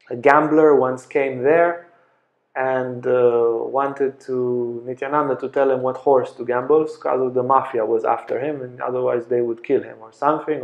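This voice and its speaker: A man giving a lecture as a yoga teacher, telling stories in a lively way and acting out the voices of people in them. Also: medium pitch, highs cut off. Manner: animated storyteller, acts out quoted voices. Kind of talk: storytelling lecture. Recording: echoey room.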